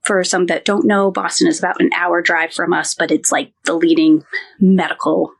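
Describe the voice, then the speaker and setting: A woman's voice: on the low side, normal speed, gravelly. A young adult woman, a nurse, telling a personal story as a podcast guest, talking animatedly and acting out what others said. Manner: animated, acts out quoted dialogue, frequent "like".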